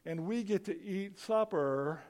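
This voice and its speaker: Male pastor, very high voice, animated conversational sermon delivery with frequent restarts. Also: unhurried.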